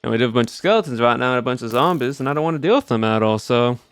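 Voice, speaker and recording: A man's voice: medium pitch, very fast, smooth. A game streamer chatting casually with viewers in a put-on Southern US drawl, easygoing as he plays. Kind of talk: casual live-stream chat while playing.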